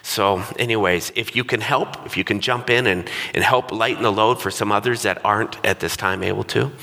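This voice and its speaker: A man's voice: fairly low pitch, a little fast, vocal fry, pushed and bright. A man giving casual church announcements before handing over to the speaker. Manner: casual, folksy. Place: church hall. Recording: church hall with long reverb.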